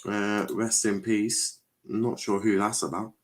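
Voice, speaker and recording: A man's voice: fairly low pitch, level tone, slow. A young man streaming a football watchalong, chatting casually, reading viewer comments aloud and repeating himself with lots of fillers. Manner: rambling, repeats phrases, many fillers.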